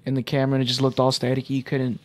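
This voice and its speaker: A young man pushes back on his friends about a movie scene. He talks bluntly and uses plenty of slang, at a middle pitch. The recording is dry. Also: monotone, very fast, no room sound. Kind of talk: casual chat.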